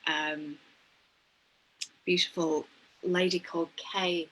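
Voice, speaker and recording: A woman host with a very low, husky voice. She speaks softly and reflectively, affirming her guest in a spiritual conversation. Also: level tone, slow pace, rough recording.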